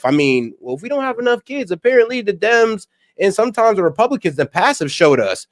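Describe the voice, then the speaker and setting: A man's voice: high-pitched, big pitch swings, a little fast, no echo, clean studio sound. A man hosting a reaction stream, talking casually and bluntly in slangy asides to his viewers.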